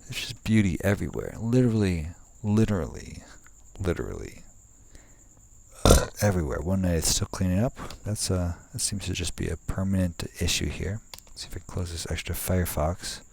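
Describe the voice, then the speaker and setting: Low, gravelly laid-back guy rambling. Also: fairly quick, few pauses, darkish tone, a little hiss or hum. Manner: meandering, frequent fillers and restarts; laid-back, swears casually. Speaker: vlogger. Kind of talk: rambling casual monologue. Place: outdoors by a tent at night.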